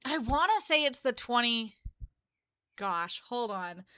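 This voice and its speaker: A woman's voice: on the high side, expressive, takes it slowly, sharp tone, smooth, no echo. A woman in her twenties chatting casually on a live stream, rambling and correcting herself as she goes. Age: 20s. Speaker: live streamer and game developer.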